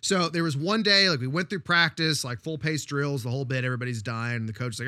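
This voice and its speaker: A young man co-hosting a podcast, telling crude stories in a profane, animated way. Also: mid-range voice, fast, few pauses, no room sound, clean studio sound. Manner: profane, animated, laughing storyteller. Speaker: podcast co-host. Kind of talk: casual crude storytelling.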